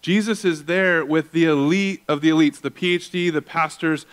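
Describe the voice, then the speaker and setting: A man in his thirties preaching a sermon as pastor, telling stories with lively acted-out voices. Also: on the high side, normal speed, clear, resonant tone. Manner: animated storytelling, acting out voices.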